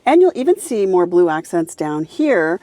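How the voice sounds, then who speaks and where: A woman's voice: fairly low pitch, very animated, normal speed, warm tone, dry recording. A woman reviewing a car, walking through its features one by one in an upbeat, casual way. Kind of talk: casual car interior walkthrough.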